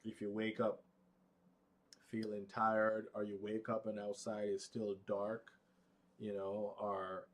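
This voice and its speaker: A man hosting a casual live vlog, rambling in an unhurried, low-key way and stuttering, with many fillers and restarts. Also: monotone. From United States, Pacific time zone. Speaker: vlog host.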